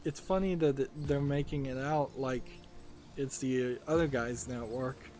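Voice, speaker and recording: A man's voice: medium pitch, steady tone, a little slow, warm tone. A man hosting a let's-play, giving casual commentary while thinking aloud with lots of fillers. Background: game music.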